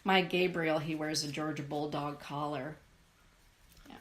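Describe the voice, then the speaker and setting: Woman host, slightly low voice, cheerful and affirming, pulls cards for viewers by name. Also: fairly even intonation, measured pace, a little hiss or hum. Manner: affirming, greets viewers by name, laughs often. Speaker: spiritual show host giving card readings. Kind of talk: live-stream card reading chat.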